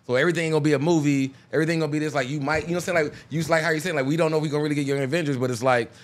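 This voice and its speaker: A man's voice: a little high, steady tone, very fast. A man co-hosting a podcast in casual chat, rambling and often checking in with "you know what I'm saying". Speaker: podcast co-host.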